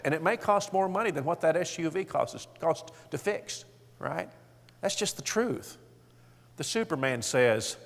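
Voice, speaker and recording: A man leading a marriage seminar for men, telling folksy stories and acting out the voices in them. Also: on the high side. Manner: folksy storytelling, acts out quoted voices. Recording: hall reverb.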